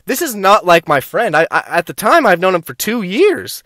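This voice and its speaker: A young man vlogging a wild story, his voice sitting high for a man. He rambles and swears in an animated rush, and the recording is dry and close with no room sound. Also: a little fast, few pauses, no echo. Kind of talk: casual storytelling to camera.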